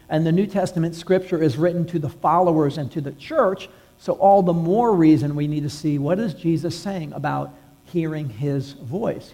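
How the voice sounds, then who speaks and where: A male pastor with a notably high voice delivers a sermon to his church. He talks in an easy, conversational way and sometimes sinks to a hush for emphasis. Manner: conversational preaching, drops to a hush at quiet points.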